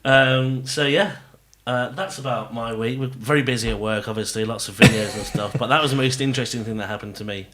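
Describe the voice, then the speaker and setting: A man's voice: mid-range voice, a little fast, few pauses. A man from England, co-hosting a podcast, telling stories with enthusiasm in a casual chat. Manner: enthusiastic, animated storytelling. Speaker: podcast co-host.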